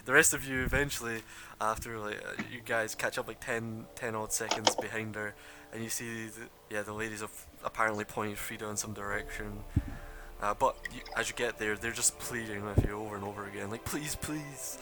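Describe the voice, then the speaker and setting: A man's voice: fairly low pitch, little pitch movement, fairly quick, over music. A man running a tabletop game as game master, narrating loosely with lots of fillers and laughs. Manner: rambling, laughing, many fillers.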